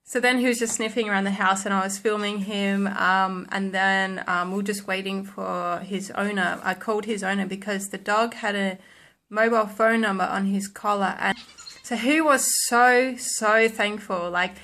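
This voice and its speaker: A woman's voice: mid-range voice, steady tone, normal speed, fairly bright tone. A young woman telling stories in a casual vlog, rambling with lots of ums and likes and laughing at herself. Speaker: vlogger.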